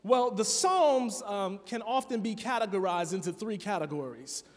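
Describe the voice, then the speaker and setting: Earnest, chatty guest preacher, male, higher register, church reverb. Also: lively intonation, normal speed. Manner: earnest, conversational with filler words. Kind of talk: sermon. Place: church sanctuary. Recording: long reverb of a church hall.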